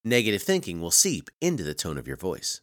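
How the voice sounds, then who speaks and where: Male course narrator, low voice, lively intonation, dry close recording. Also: brisk, dry recording. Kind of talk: scripted narration.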